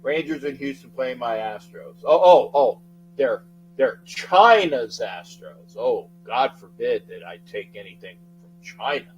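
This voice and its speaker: A middle-aged man hosting a casual sports livestream, excitably shouting out viewers' names and rambling between topics. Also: medium pitch, unhurried, soft background music, rough recording. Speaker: livestream sports talk host.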